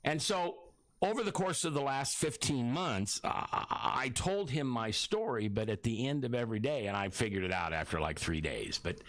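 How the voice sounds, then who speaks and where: A man's voice: medium pitch, expressive, moderate pace, fairly bright tone, no room sound. A man and radio host telling a long personal story in casual chat, rambling, restarting, and acting out what others said to him. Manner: rambling, self-interrupting storyteller who acts out quotes. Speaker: radio host talking about his book.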